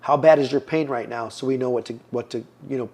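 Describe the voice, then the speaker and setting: A man in his fifties tells his own story as a podcast guest, in a voice of ordinary pitch. He talks earnestly and acts out the lines other people said to him. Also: fast, darkish tone. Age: 50s. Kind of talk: personal testimony in an interview.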